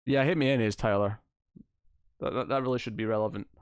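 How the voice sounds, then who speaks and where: A man's voice: medium pitch, steady tone, quick pace, clean tone, no echo, studio quality. A man hosting a casual livestream, chatting and reading out viewer comments in a rambling, self-amused way. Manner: rambling, chatty, laughs at himself. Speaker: livestream host.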